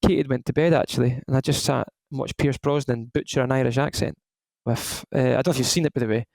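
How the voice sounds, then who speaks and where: A man's voice: medium pitch, quick pace, gravelly, no room sound, poor audio. A Scottish man in his thirties, a retired footballer, talking casually and rambling through stories with lots of restarts. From Scotland. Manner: rambling, frequent restarts, relaxed storytelling. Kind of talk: casual podcast chat.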